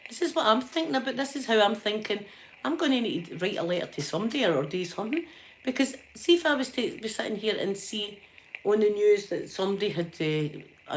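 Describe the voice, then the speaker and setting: A middle-aged woman with a Scottish accent telling a story casually in a chatty, repetitive, animated way. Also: medium pitch, a little hiss or hum. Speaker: vlogger.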